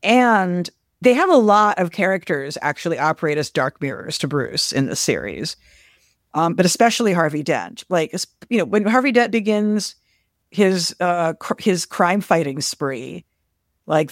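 A woman's voice: fairly low pitch, expressive, a little slow, no room sound, clean studio sound. A woman co-hosting a casual discussion, talking thoughtfully with many fillers and restarts.

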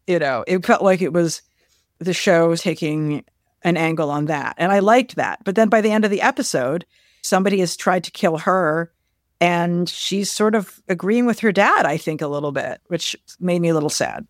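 A woman talks through a show episode in a relaxed podcast chat. She is thoughtful and full of little fillers and restarts, and her voice lifts when she acts out a quote. The sound is close and dry. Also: on the low side, moderate pace, dry recording. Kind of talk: casual discussion.

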